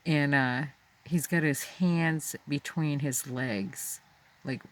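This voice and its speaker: A man telling a personal story aloud, unscripted, halting and full of fillers and restarts. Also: on the high side.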